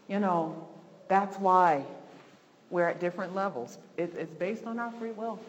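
A woman leading an informal church lesson, talking in a conversational, repetitive and lively way. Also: lowish voice, a little slow, long reverb tail, highs cut off, a little hiss or hum. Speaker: Bible study teacher. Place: church hall.

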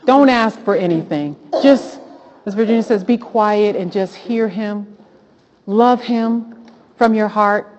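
A woman hosting a Christian talk, preaching with animated, rising exclamations. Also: medium pitch, takes it slowly, noisy background. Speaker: host of a Christian talk show. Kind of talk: preaching-style Bible talk. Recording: dull lo-fi sound.

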